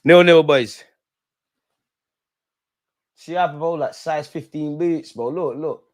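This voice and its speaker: Excitable young man hosting a football watch-along. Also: on the high side, takes it slowly. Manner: excitable, shouts and chants at goals, London street slang.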